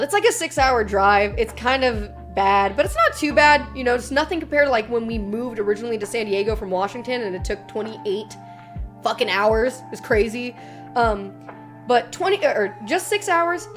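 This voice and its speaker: A young woman streamer chatting casually and telling stories, swearing freely and animated. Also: on the high side. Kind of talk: casual live-stream chat.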